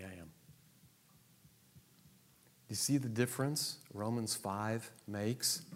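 A male pastor preaching a sermon, animated, acting out dialogue and laughing often. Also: lowish voice. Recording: long reverb in a large hall.

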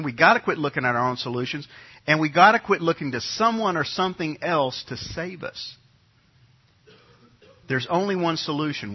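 Preaching as a pastor, this middle-aged New Yorker keeps things conversational and comes back to his key phrases again and again. He speaks with a fairly high, slightly rough voice, captured in dull, lo-fi audio.

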